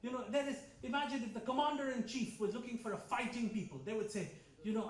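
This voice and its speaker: A man's voice: very high-pitched, fast talker, echoey room. A man from India with an Indian English accent, doing a stand-up comedy set with a dry, ironic delivery and frequent self-corrections. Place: club hall with a live audience. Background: audience laughter.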